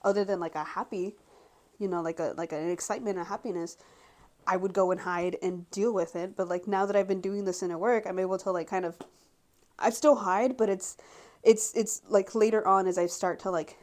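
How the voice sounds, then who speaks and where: A woman's voice: mid-range voice, brisk. A woman in her twenties talking casually and frankly to her camera at home, rambling with many fillers. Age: 20s. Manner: rambling, heavy use of filler words, frank and expressive. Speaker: vlogger.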